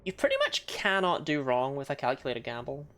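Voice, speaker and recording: A woman's voice: rumbling low, expressive, brisk, fairly bright tone. A young woman casually commenting on a video game she is playing, chatty, swearing freely and laughing often. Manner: reads game text aloud.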